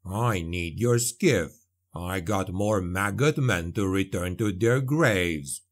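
A man voicing a huge, gruff, one-eyed dwarf warrior who growls and snarls with contempt. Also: low-pitched, expressive, takes it slowly, pitched below the performer's own voice, exaggerated voice.

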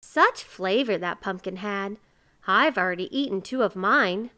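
Woman doing kindly bossy neighbor ladies, coaxing, cheerful, slow and bright. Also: mid-range voice, lively intonation. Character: kindly bossy middle-aged neighbor women.

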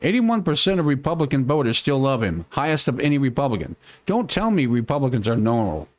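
A man's voice: medium pitch, big pitch swings, fairly quick, dry recording. A man hosting a casual political live stream, rambling and sarcastic, muttering to himself as he works his computer and swearing now and then.

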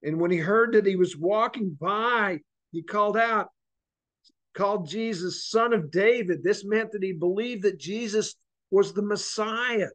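Speaking at a measured pace, this man's voice is notably high and a bit bright as he leads a church Bible study class. His tone is earnest, and he stretches out and repeats words to press his point.

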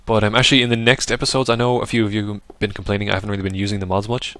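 A man giving rambling, casual let's-play commentary over a game, now and then yelping loudly at what happens. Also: fairly low pitch, little pitch movement, very fast. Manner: chatty, rambling, bursts into loud yelps at the game. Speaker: gaming video host.

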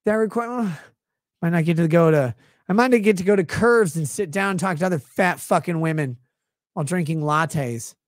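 A livestream commentator delivers a long, sarcastic rant, full of exasperated swearing. The voice sits at a middling pitch. The sound is dry, with no room echo. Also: moderate pace. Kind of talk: profane comedic rant.

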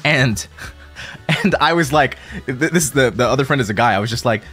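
A young man streaming, telling stories in a loose, laughing chat and breaking into high squealed impressions of friends. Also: brisk, fairly bright tone, husky, faint music behind. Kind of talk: casual chat to a stream audience.

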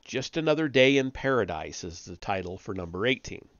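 A man reading a novel aloud on a live stream, steady with small slips and self-corrections. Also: lowish voice, brisk, no room sound, muffled recording. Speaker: audiobook reader on a live stream.

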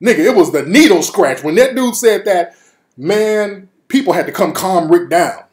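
Animated, high-voiced male storyteller. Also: normal speed. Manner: animated, profane, laughing. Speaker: host. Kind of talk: comedic storytelling. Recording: roomy echo.

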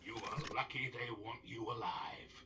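A man voicing a menacing, cruel cyborg general with hissing, gloating threats, from an animated series. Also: medium pitch, moderate pace, lightly acted. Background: dramatic score.

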